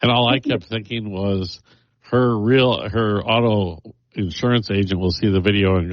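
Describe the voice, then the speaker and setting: A man hosting a casual radio chat, adding dry humor in short remarks. His voice is low, and the studio sound is dry and muffled. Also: fairly even intonation, normal speed, no echo. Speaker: radio host.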